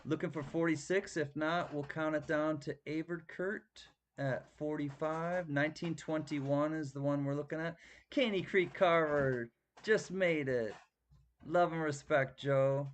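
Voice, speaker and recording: A man's voice: a little high, steady tone, a little slow, a little hiss or hum. A man running a live-stream coin auction, chatty and thanking bidders by name.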